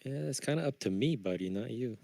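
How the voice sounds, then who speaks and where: A man's voice: medium pitch, warm tone, dry recording. A man trading live with friends, chatting casually and joking over a voice chat mic. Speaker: trader on a live trading stream.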